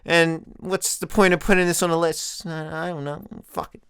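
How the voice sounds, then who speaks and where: A man's voice: a little high, flat delivery, moderate pace, fairly bright tone, clear, resonant tone, no echo, studio quality. A man delivering a crude, sarcastic comedy rant, rambling and stammering through restarts. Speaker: comedy YouTuber.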